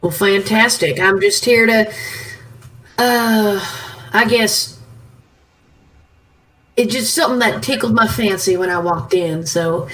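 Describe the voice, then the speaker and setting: A woman's voice: mid-range voice, takes it slowly, pauses often, a bit bright, recorded from a distance, low-quality recording. A woman voicing a tough, cheerful cowgirl gunslinger who talks in folksy down-home phrases.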